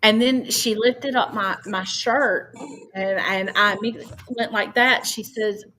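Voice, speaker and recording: A woman's voice: medium pitch, steady tone, measured pace, pushed and bright, poor audio. A woman, a podcast guest earnestly recounting a personal story and quoting others at length. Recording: faint background noise.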